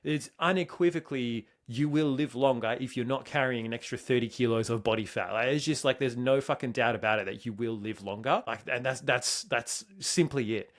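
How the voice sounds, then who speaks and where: A man co-hosting a fitness podcast, talking emphatically and swearing often as he makes his points. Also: mid-range voice. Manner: fast, emphatic, swears a lot. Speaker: podcast co-host. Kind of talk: motivational podcast talk.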